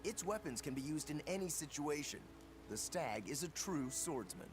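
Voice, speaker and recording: A man's voice: a little high, sing-song, moderate pace. An actor voicing a boastful, cocky young male swordsman in a video game, brash and teasing. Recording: game audio with ambient noise.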